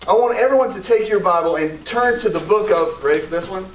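Man, pastor, high voice, enthusiastic sermon, echoey church room, distant mic. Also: fast. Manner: enthusiastic, conversational, calls for congregation responses. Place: church sanctuary. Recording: roomy, distant church recording with faint background noise.

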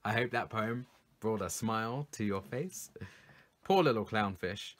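A poet reading his poems aloud for children, explaining them in an encouraging way. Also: lowish voice. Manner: lively, encouraging, explains slowly.

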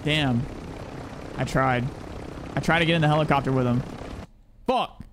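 A man's voice: fairly high pitch, moderate pace, noisy background. A man streaming a shooter game live, chatting loosely with his viewers and swearing freely as he plays. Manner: loose, chatty and profane, talking to chat. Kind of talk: casual live gameplay commentary.

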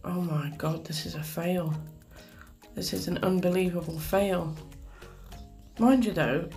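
A woman's voice: on the low side, a little slow, creaky, a little mellow, soft background music. A woman giving chatty, exasperated commentary over a game she is playing, with plenty of mild swearing. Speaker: gaming commentator. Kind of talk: live gameplay commentary.

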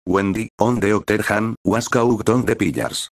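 Guy reading out a fan story, kinda low voice, flat and steady, dry close sound. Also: moderate pace, no room sound. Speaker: fan fiction reader. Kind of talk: plain story narration.

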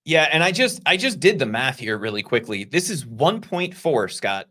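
A man co-hosting a casual discussion show, explaining points in a conversational way with quick asides. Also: a little high, big pitch swings, pushed and bright. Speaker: podcast co-host.

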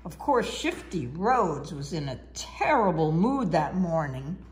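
A woman reading a children's storybook aloud in an expressive, sing-song way. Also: fairly low pitch, a little slow, slight background noise. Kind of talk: children's book read-aloud.

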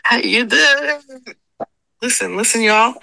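A woman's voice: a little high, slow, creaky, pushed and bright, no echo, exaggerated voice, low-quality recording. A woman voicing a streetwise AI persona with brash, slangy hype talk. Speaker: AI character played back on the podcast.

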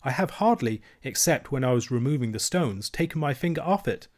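A man's voice: medium pitch, expressive, fairly quick, darkish tone, natural voice. A man reading aloud and voicing a young princess girl who is earnest and insistent, speaking with a raised, eager voice.

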